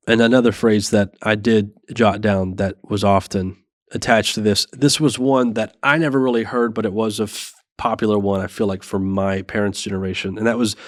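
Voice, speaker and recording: A man in his thirties hosting a parenting show, talking in an earnest, measured and self-reflective way. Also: lowish voice, steady tone, no room sound, studio quality. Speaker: parenting podcast host. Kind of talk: reflective monologue.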